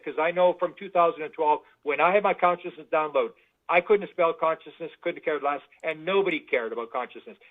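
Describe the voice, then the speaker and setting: A man telling stories as a guest in an interview, animated and full of restarts. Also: a little high. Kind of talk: anecdotal interview storytelling. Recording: tinny phone-like line.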